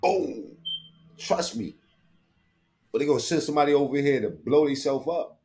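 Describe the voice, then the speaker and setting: A man's voice: on the high side, moderate pace, a little mellow, a little hiss or hum. Crude, mocking male stream commentator. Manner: mocking, crude, slangy, rambling. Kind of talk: profane reaction commentary.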